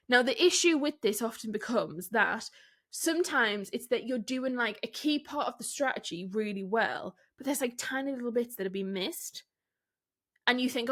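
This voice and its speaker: A woman's voice: fairly high pitch, a bit bright. Frank woman coaching on a podcast. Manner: direct, candid, with quick laughs and rhetorical questions. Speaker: podcast host and business coach. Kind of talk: solo podcast coaching talk.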